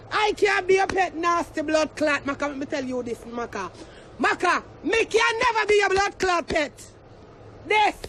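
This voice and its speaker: Shrill Jamaican man ranting. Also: a little hiss or hum. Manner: shouting, cursing, taunting. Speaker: social media personality. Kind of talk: heated rant to camera.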